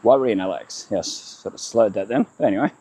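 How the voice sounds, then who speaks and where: This Australian vlogger strolls through his town beside a river, offering casual walking-tour commentary in a low, dark-toned voice. He talks briskly and chattily, rambling in short fragments and correcting himself as he goes, while faint hiss and the sound of bugs come through.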